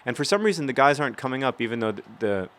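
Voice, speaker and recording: A man's voice: mid-range voice, big pitch swings, racing, a bit bright. A man in his thirties giving rambling, self-deprecating commentary while playing a soccer video game and cheering on his team. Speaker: gaming video host.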